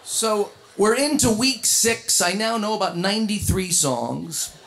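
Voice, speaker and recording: A middle-aged man, a jazz guitarist and singer, telling a funny story on a concert stage, lively and full of restarts. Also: high-pitched, measured pace, vocal fry, slight background noise. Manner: animated, comic storyteller with frequent laughs and restarts. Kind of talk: anecdotal storytelling at a tribute concert. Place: concert stage before an audience.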